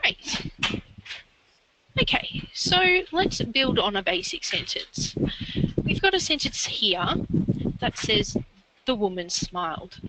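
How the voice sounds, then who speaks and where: A woman's voice: on the high side, very animated, slow pace, pauses often, very noisy. Patient encouraging woman tutor. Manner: patient, encouraging, explains step by step. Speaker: literacy tutor. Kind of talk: one-on-one literacy lesson.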